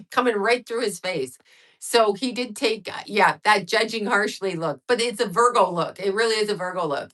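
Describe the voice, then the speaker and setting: A woman's voice: medium pitch, normal speed, sharp tone. A middle-aged woman chatting casually and rambling on her livestream, reacting to viewer comments as she goes. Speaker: livestream host.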